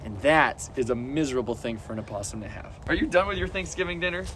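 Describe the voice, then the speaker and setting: A man's voice: mid-range voice, lively intonation, quick pace, noisy background. Playful man cooing at his pet. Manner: playful, coos in baby talk to his pet. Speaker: vlogger and pet owner. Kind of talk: casual vlog talking to his pet.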